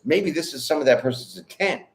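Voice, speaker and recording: A man's voice: on the high side, lively intonation, brisk. A man giving a casual livestream tarot reading, talking in a direct, bold and slangy way and laughing often. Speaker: tarot reader.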